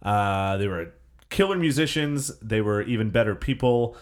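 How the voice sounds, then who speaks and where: Jokey, lively-voiced male co-host. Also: on the low side, normal speed. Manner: jokey, laughs through his lines. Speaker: podcast co-host, band member. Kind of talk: casual chat.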